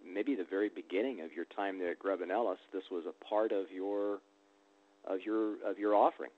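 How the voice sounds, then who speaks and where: A man's voice: deep voice, fairly even intonation, brisk, phone-quality sound. A man interviewing a guest on the radio, asking in a tentative way and rephrasing as he goes.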